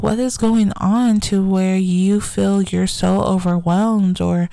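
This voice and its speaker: A woman's voice: mid-range voice, creaky, dark tone, dry recording. A young adult woman hosting a faith podcast, talking candidly and reflectively in a casual way. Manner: candid, reflective, slow-paced. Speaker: podcast host.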